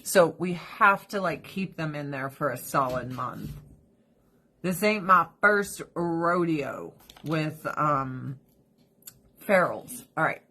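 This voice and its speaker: A woman's voice: low voice, takes it slowly. A woman vlogging from home, chatting casually and bluntly while doing her skincare, swearing freely. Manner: profane, blunt and animated, with lots of acted quotes.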